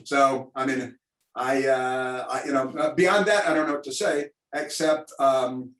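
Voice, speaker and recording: Talk radio guy riffing sarcastic political commentary, mid pitch, echoey room, mic set back a bit. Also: steady tone, a little slow, a bit bright. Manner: sarcastic, rambling, many fillers. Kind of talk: opinionated political commentary to listeners. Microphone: video call. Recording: roomy, distant mic.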